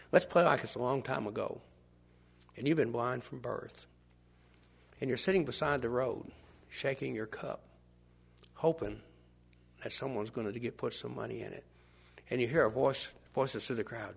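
An older man preaching a sermon, shifting from hushed asides to shouts as he acts out scenes. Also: mid-range voice, moderate pace, creaky, pauses often, slightly rough. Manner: animated, swings from hushed to shouting, acts out bystanders.

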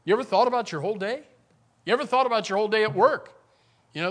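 A middle-aged man preaching a sermon in a church, animated, acting out grumbling voices and calling out to the congregation. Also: high-pitched, quick pace, pauses often. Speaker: pastor. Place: church sanctuary.

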